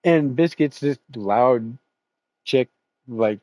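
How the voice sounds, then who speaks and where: Slow and a little mellow, his mid-range voice comes through with no echo as he chats casually with viewers after a sim race stream. The host rambles, swears freely, and laughs often.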